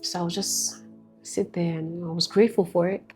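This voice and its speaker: A woman guest giving an emotional personal testimony, candid and soft-spoken, driving points home with repetition. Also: on the low side, level tone, moderate pace, soft background music. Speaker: guest sharing a personal story.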